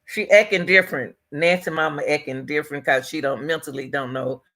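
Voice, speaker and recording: A commentary channel host talks a little fast in a low, fairly bright voice. Casual yet emphatic, she goes over a news case, repeating her points and speaking directly to her viewers.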